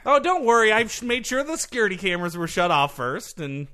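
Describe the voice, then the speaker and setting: A man's voice: high voice, sing-song, fairly quick, sharp tone, full character voice. A man playing a cheerful, boastful psychopathic golfer in an improv comedy sketch, casual and matter-of-fact about his crimes. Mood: breezy. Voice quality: breezy, chipper, matter-of-fact menace. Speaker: comedy guest.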